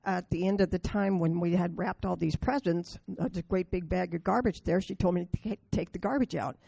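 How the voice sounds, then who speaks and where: Gravelly, dark-voiced woman telling stories. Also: fairly low pitch, a little fast, dry recording. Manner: blunt, storytelling, self-deprecating. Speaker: meeting speaker. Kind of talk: recovery meeting talk with stories.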